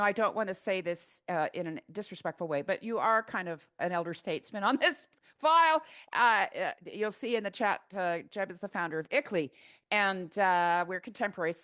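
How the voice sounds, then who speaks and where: A woman's voice: medium pitch, moderate pace, fairly bright tone. An older woman hosting a live video-call webinar, chatty and teasing, with lots of fillers and restarts. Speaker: webinar host.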